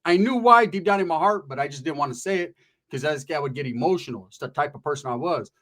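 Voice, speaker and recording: A man's voice: on the high side, lively intonation, quick pace, fairly bright tone. A middle-aged man casually telling a profane, streetwise story from his past, often tagging his lines with "right?".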